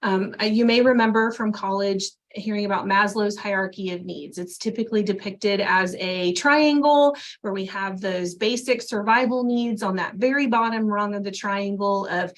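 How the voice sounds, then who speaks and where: A woman's voice: mid-range voice, steady tone, moderate pace, hardly any pauses. A woman co-presenting a webinar, explaining things in a reassuring, conversational way. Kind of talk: webinar talk.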